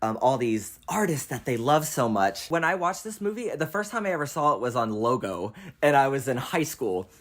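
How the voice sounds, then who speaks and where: A young man with a mid-range voice hosts a casual film chat. He's animated and quick to laugh, swears freely, and acts out lines as he talks.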